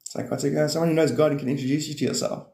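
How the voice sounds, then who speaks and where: A man's voice: a little high, steady tone, rapid-fire, vocal fry, warm tone, roomy sound. A man rambling through casual livestream chat about spirituality, swearing freely and laughing often.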